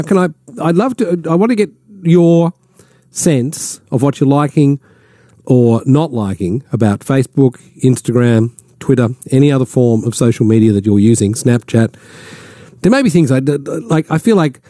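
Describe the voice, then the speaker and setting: A man with an Australian accent hosting talkback radio, chatty and animated, slipping into mock voices. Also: medium pitch, no echo, studio quality. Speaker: radio host. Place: radio studio.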